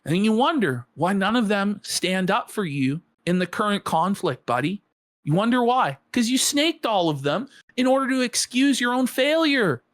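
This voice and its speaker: Man, podcast reaction rant, mocking and profane, lively swooping pitch, dry close sound. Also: moderate pace, dry recording. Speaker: podcast co-host.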